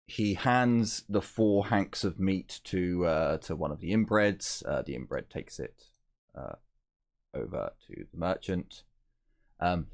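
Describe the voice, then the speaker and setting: A man narrating a tabletop game as game master, halting with many fillers, over an online voice call. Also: low-pitched, a little mellow.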